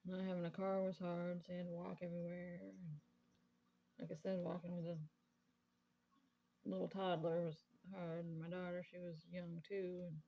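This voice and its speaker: Gravelly low woman telling her story. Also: little pitch movement, normal speed, warm tone, a little hiss or hum, low-quality recording. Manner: rambling, candid, lots of fillers. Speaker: crafting vlogger. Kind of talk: casual personal storytelling.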